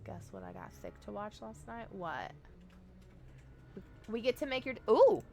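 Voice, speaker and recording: A woman's voice: mid-range voice, wildly swooping pitch, normal speed, vocal fry, lo-fi sound, faint music behind. A woman live streaming from home, chatting casually and swearing freely as she talks straight to her viewers while setting up a game.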